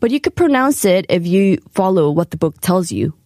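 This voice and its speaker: A woman hosting a scripted radio segment, reading carefully with lively emphasis. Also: on the low side, normal speed, no echo, studio quality. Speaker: radio host.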